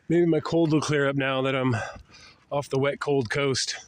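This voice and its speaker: A man's voice: mid-range voice, steady tone, slow. Older man, nasal with a cold. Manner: rambling, drawling, with sighs and throat clearing. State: sick with a head cold, nasal. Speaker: traveling vlogger. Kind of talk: casual walking vlog. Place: outdoors, walking along roads and a river valley.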